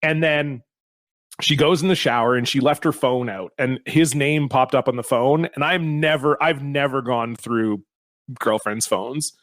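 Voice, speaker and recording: A man's voice: medium pitch, measured pace, a bit bright, no echo. A man co-hosting a podcast, telling a rambling story in casual chat, swearing often and restarting his sentences. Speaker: podcast co-host.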